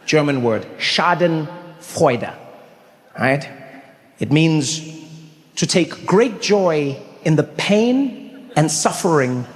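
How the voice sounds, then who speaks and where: A man doing stand-up storytelling, animated and acting out every character. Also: fairly high pitch, takes it slowly. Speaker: stand-up comedian.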